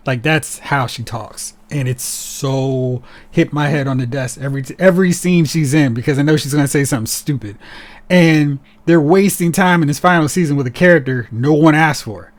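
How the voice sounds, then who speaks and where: A man with a somewhat raised pitch hosts a casual podcast. His talk is animated and full of sarcasm, and he often mocks characters as he goes. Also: normal speed. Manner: animated and sarcastic, mocking characters in put-on voices. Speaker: podcast host.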